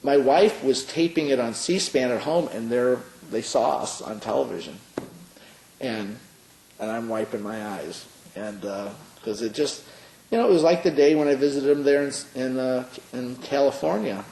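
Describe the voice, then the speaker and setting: A middle-aged man, a pastor, tells an emotional story with plenty of fillers and restarts. His voice has a middle pitch. It sounds roomy, with a faint hiss behind it. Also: moderate pace, creaky, dark tone. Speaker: pastor being interviewed. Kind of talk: oral history interview.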